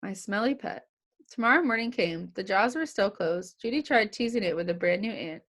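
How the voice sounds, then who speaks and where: A woman's voice: mid-range voice, normal speed. A young woman reading a children's chapter book aloud to kids, giving each character their own voice. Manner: lively, puts on voices for the characters.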